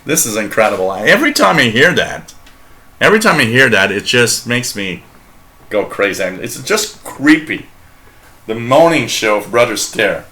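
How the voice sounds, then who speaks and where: A man's voice: mid-range voice, very animated, normal speed, sharp tone, slight background noise. A man from Canada hosting a live shortwave radio show, chatting in a rambling, jokey way, reading out chat messages and laughing often.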